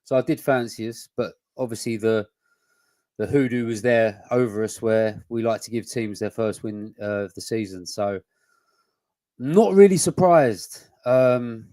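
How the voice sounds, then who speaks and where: A man's voice: fairly low pitch, fairly even intonation, moderate pace, a little mellow, dry recording. A man, co-hosting a casual football podcast, blunt and sweary with rambling restarts. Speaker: podcast co-host.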